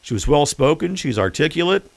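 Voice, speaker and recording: A male podcast host delivering political commentary with a sarcastic, mocking edge. His voice sits at a middle pitch but swings up and down a great deal as he talks. The sound is dry and close, with almost no room around it. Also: sing-song, a little fast, gravelly, no echo.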